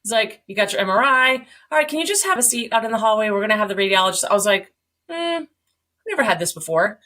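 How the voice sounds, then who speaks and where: A woman in her forties telling her story as a podcast guest, animated, acting out quoted dialogue, swearing and laughing along the way. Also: medium pitch, racing. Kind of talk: candid storytelling.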